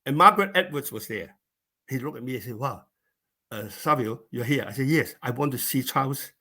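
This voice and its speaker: A man's voice: mid-range voice, animated, fairly quick, bright, forceful tone. A middle-aged man, originally from China, telling a personal story as an interview guest, with many fillers and repeated words. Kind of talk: storytelling in conversation.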